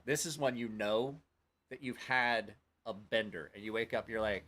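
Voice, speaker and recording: A man hosts a casual livestream, telling rowdy stories full of swearing and acting out everyone's lines. His medium-pitched voice is bright, forceful, and very animated, though unhurried.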